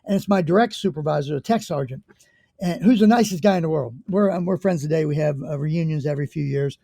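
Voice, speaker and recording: An American man in his sixties, a guest telling stories in a lively way, swearing casually and acting out the people in them. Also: fairly high pitch, fast talker, gravelly, no room sound, studio quality. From United States. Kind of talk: conversational storytelling.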